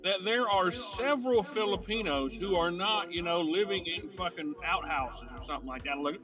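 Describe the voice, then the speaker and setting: A man with a high voice hosts a laid-back podcast and tells stories in a loose, profane, stop-and-start way. Music plays clearly behind him. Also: normal speed, dull audio. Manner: rambling, profane storytelling with restarts. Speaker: podcast host. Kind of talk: casual podcast chat.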